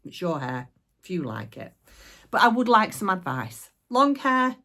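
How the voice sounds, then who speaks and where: A woman's voice: low voice, sing-song, normal speed, a bit bright. A middle-aged woman chatting casually to camera at home about her craft shop, rambling with many fillers. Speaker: craft shop owner showing products. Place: at home, indoors.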